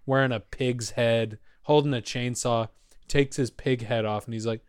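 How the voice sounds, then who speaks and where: A man from Texas telling a long story in casual chat, animated and swearing freely. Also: mid-range voice, normal speed, clean tone, dry recording, studio quality. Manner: animated, profane, acts out voices.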